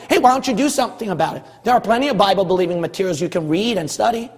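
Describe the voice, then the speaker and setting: Pastor guy preaching hard, husky high voice, keeps repeating himself and yelling, long church echo. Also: lively intonation, very fast, hardly any pauses. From California, USA. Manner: forceful, repetitive exhorting, rising to shouts. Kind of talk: sermon.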